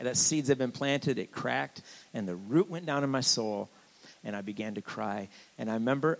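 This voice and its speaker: A man's voice: mid-range voice, vocal fry, long reverb tail. An older man giving a candid, joking testimony sermon as a guest preacher in a church. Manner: candid, joking, animated storytelling.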